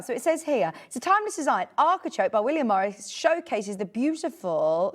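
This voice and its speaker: A British woman in her thirties presenting a live home shopping show, keeping up a bubbly, chatty sales patter. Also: medium pitch. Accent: British English.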